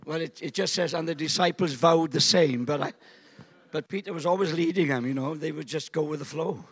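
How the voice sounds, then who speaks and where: In a brisk, slightly bright, husky voice, a pastor preaches a sermon in church. He dramatically acts out quotes with big pitch swings and throws in jokey asides.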